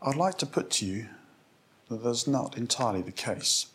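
A man delivering a sermon at a middle pitch, conversational and reflective. He asks the congregation questions and reads scripture aloud with emphasis. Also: animated, normal speed, a bit bright. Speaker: preacher.

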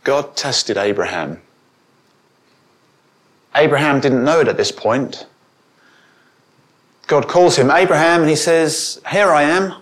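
A man's voice: animated, takes it slowly, pauses often. A man preaching a sermon to a congregation. He asks them questions and raises his voice when he quotes. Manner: rises in pitch and volume when quoting, asks the congregation questions.

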